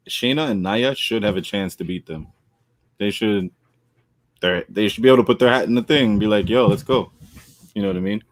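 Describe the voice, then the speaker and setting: A man co-hosting a wrestling podcast in casual chat, animated and argumentative, often laughing. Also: fairly low pitch, no echo. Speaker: podcast co-host.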